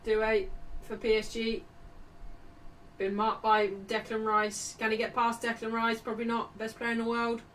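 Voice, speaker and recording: A woman's voice: on the high side, completely flat delivery, measured pace. A woman casually commentating a football match live for her stream and greeting viewers in chat. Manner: chatty, shouts greetings to chat. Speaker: streamer hosting a football watchalong. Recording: distant mic with faint background noise.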